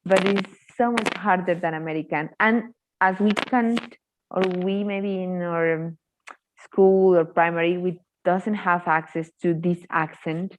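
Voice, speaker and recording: A woman's voice: lowish voice, steady tone, a little slow, rough recording. A woman with Spanish as her first language, tutoring English in a casual, chatty way with lots of fillers. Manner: chatty, opinionated, many fillers. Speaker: English teacher. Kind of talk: casual online tutoring chat.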